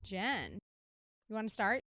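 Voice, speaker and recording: A woman's voice: medium pitch, sing-song, measured pace, a bit bright, no room sound, clean studio sound. A woman from Missouri hosting a dating advice podcast, giving candid, emphatic advice in a casual chat with some playful teasing.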